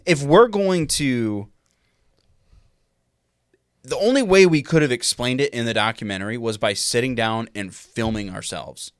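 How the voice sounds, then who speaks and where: Male filmmaker, mid pitch, plain easygoing talker, dry close sound. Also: a little slow, long pauses, smooth, dry recording. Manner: laughs easily, explains plainly. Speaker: documentary filmmaker. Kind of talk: casual conversation.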